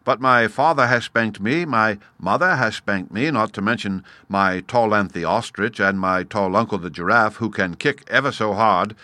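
A man's voice: lowish voice, normal speed, hardly any pauses, pushed and bright, no echo. A man voicing a polite, curious young male elephant calf in a storybook reading. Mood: plaintive. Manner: very polite, plaintive.

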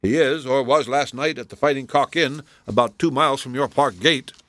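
A man's voice: mid-range voice, fairly bright tone, dry recording, pitched above the performer's own voice, natural voice. Sherlock Holmes, read by a man, cool and exact. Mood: measured. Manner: cool, precise, measured. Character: cold, exacting male detective. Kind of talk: audiobook character voice.

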